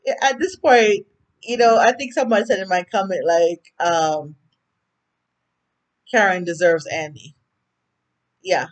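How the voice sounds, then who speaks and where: A woman's voice: medium pitch, slow, pauses often. A woman with a Jamaican accent giving a casual, rambling TV episode recap full of fillers and asides to viewers. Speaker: TV recap vlogger.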